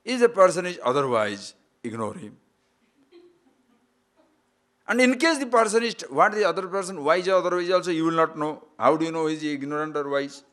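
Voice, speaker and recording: A middle-aged spiritual teacher with an Indian English accent lectures on scripture in a lively, sing-song delivery. His pitch sits fairly high and leaps around, punching key words loudly before dropping to near-murmured asides. He chuckles at his own jokes. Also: quick pace, hardly any pauses. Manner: animated, swings between loud emphasis and quiet asides, laughs at his own jokes.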